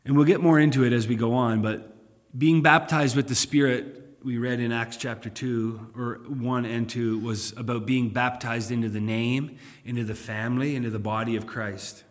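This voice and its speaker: A male pastor leads a Bible study in a relaxed, conversational way. He turns louder and more emphatic when he reads scripture aloud. His voice sits at a middling pitch, and long reverb trails each phrase as in a big hall. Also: moderate pace.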